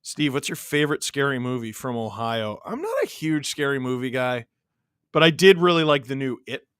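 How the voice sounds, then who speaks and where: A man from Canada hosting a live hockey watch-along, mixing excited play-by-play with reading chat messages and shouting on big plays. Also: medium pitch, normal speed, smooth, dry recording, clean studio sound. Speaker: livestream host watching a hockey game.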